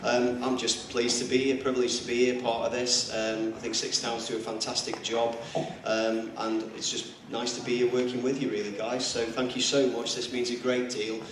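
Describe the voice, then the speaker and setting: Guy accepting an award, flat steady voice, lots of ums, echoey hall from far off. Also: mid-range voice, moderate pace, hardly any pauses. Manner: surprised, grateful, hesitant with many ums. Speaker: award winner giving a speech. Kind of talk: short acceptance speech. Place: large event hall, on stage. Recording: very echoey hall, distant mic, noise.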